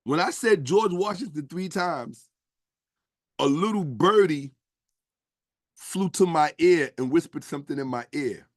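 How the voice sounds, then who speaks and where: A man's voice: fairly high pitch, animated, measured pace, long pauses, no room sound, clean studio sound. A man lecturing in a casual stream, emphatic and profane, firing rhetorical questions at his listeners. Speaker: streamer and history commentator.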